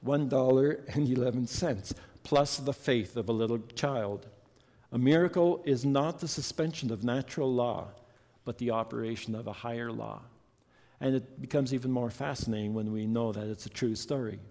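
A man's voice: mid-range voice, normal speed, mellow. A man preaching a sermon earnestly and reading a story to his congregation. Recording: long hall reverb.

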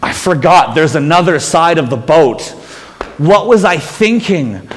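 A man's voice: on the high side, animated, unhurried. A man mimicking sarcastic grumbling fishermen. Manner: sarcastic, muttering. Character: sheepish sarcastic adult fishermen on a boat.

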